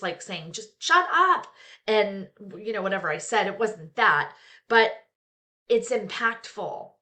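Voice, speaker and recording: A woman's voice: medium pitch, a bit bright. Chatty woman reading aloud with asides. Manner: reads aloud then breaks off into frank, chatty asides with fillers. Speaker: therapist reading and discussing a book. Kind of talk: casual book reading with commentary.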